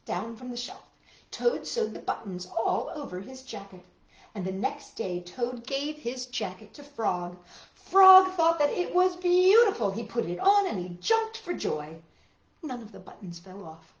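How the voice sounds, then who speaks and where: A woman reading picture books aloud for children in an animated, sing-song way, chatting to young listeners between stories. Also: a little high, unhurried, roomy sound, highs cut off. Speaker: children's story reader.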